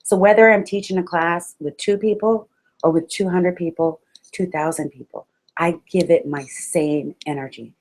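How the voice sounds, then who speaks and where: A woman motivational speaker in a webinar, talking to her listeners like friends. Her voice sits a little low, and her delivery is animated and expressive, with sudden exclamations. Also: normal speed. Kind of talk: webinar talk on public speaking.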